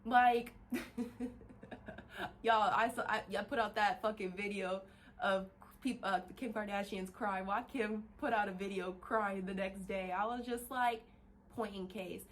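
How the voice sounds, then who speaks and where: Animated woman, laughing, swearing rant. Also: medium pitch, normal speed, slight background noise. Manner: rambling with frequent restarts. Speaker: vlogger. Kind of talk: casual motivational rant.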